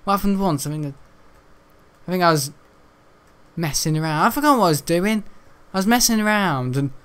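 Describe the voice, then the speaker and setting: A man's voice: high-pitched, animated, moderate pace, a bit bright, clear, resonant tone. A young man telling a school story while gaming, laughing often and tripping over his words. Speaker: gaming streamer.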